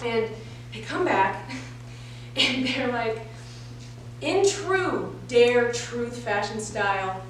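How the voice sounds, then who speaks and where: A woman's voice: on the high side, very slow, long pauses, recorded from a distance, a little hiss or hum. A woman in her twenties doing a stand-up comedy set, telling stories with lots of swearing and laughing at her own lines. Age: 20s. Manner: profane, animated storytelling with frequent laughs. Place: comedy venue stage. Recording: echoey live room, mic from afar. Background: audience.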